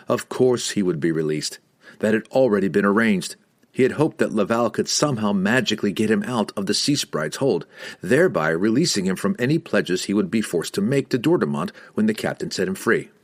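A man narrating a fantasy audiobook in an expressive, steady storytelling manner. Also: fairly low pitch.

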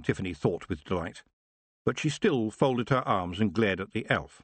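Brief: male audiobook narrator, husky and low, lively pitch, dry close sound. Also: moderate pace, no room sound. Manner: expressive storytelling. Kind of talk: scripted narration.

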